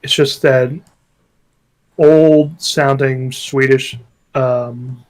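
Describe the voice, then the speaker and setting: A man speaks as a guest in a relaxed chat, pausing often to find the right words. His pitch sits in the middle range, and his tone is thoughtful. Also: poor audio. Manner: reflective, searching for words. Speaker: guest author. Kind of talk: casual chat.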